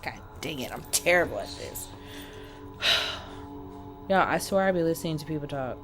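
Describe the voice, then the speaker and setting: A woman vlogger telling a personal story to the camera in a chatty, expressive way, talking straight to her viewers. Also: deep voice, fast talker, music in the background.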